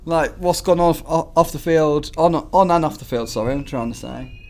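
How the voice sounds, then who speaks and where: A man's voice: fairly high pitch, moderate pace, darkish tone. Young Englishman, wry and self-deprecating. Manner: self-deprecating, laughs easily. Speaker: football reporter, podcast co-host. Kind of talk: casual chat. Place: office.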